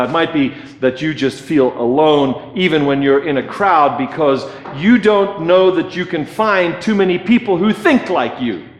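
Slow-speaking male pastor in an echoey hall. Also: on the high side. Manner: conversational, asks "okay?" and repeats words. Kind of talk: sermon.

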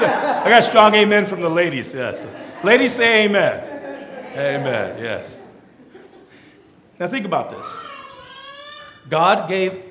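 Male pastor, high voice, joking animated sermon, echoey hall. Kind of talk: humorous sermon.

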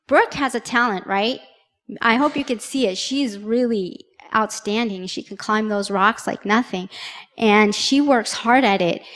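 Woman, children's sermon, chatty storytelling, asks kids questions, fairly high voice, long hall echo. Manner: warm, conversational, addressing children with questions. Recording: long reverb in a large hall.

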